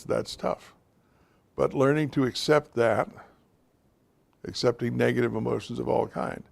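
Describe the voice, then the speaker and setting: A man's voice: mid-range voice, creaky. A man giving an informal, direct talk to a class of men, speaking to them plainly as guys and fellas. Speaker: teacher of a men's class.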